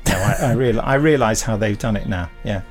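A man's voice: fairly low pitch, a little fast, faint music behind. A man co-hosting a podcast, chatting casually and telling anecdotes with little impressions of other people. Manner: chatty anecdotal storytelling with mimicry. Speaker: podcast co-host. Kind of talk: casual chat.

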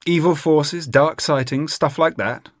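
A man's voice: a little high, unhurried, no echo, clean studio sound, pitched above the performer's own voice, natural voice. A man reading aloud voices a smug, slightly dim male witchfinder, pushy and chatty. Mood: eager.

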